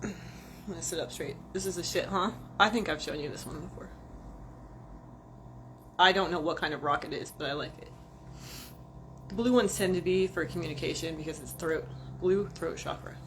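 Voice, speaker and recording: Woman, low voice, rambling livestream chat, swears freely, faint hum behind. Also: normal speed, long pauses. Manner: rambling, profane and chatty; talks to viewers as friends. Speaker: vlogger.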